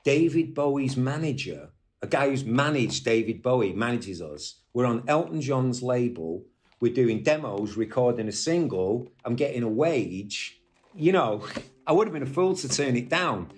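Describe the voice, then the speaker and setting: A man from northwest England telling rambling, animated stories as a guest on an interview podcast, swearing now and then. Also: medium pitch, moderate pace. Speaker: guest musician. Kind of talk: casual storytelling interview.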